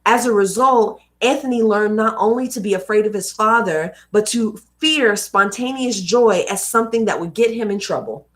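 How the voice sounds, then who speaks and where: A woman's voice: mid-range voice, normal speed, few pauses. A young adult woman hosting a live read-aloud, reading a book and adding casual, emphatic asides. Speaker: host reading books aloud.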